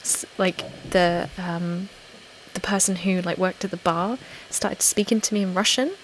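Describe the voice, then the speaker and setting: A young British woman, host of an ASMR channel, chatting casually on a live stream and reading viewer comments aloud, often slipping into a soft whisper. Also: lowish voice, fairly even intonation, measured pace, slight background noise, low-quality recording. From Britain.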